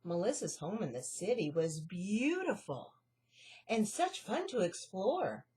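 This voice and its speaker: A woman reading a children's storybook aloud at an unhurried pace. Her voice is fairly high and lively, with a soft, breathy quality. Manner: slow, expressive read-aloud.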